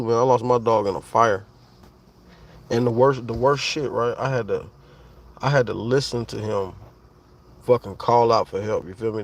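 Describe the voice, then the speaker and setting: A man, talking casually and profanely to his viewers on a livestream, rambling and speaking straight to the chat. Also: mid-range voice.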